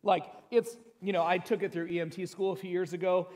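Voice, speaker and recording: A middle-aged man preaching a sermon as pastor, talking in a conversational, joking way with personal stories and reading scripture slowly with emphasis. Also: high voice, little pitch movement, darkish tone, a little hiss or hum. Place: church sanctuary. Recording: long church hall reverb.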